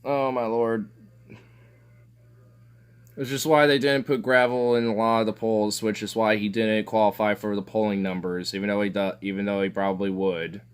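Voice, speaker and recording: A man's voice: on the low side, little pitch movement, normal speed, smooth. A man ranting casually about politics as a streamer, profane and rambling, with lots of filler words and sarcastic asides. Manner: sarcastic, scoffing laughs.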